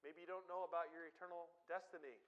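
Male pastor, conversational sermon delivery, slightly higher voice, builds to emphatic points. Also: steady tone, fast talker, fairly bright tone, dull audio. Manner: conversational preaching with personal stories.

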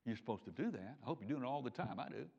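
A man preaching a sermon, animated, swinging from loud emphatic peaks to quiet low asides. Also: very fast, gravelly, slightly rough. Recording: dull lo-fi recording.

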